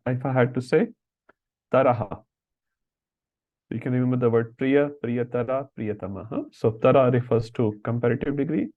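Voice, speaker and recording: A man teaching an online scripture class, patiently calling on students by name over a video call. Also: mid-range voice. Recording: dull lo-fi call audio.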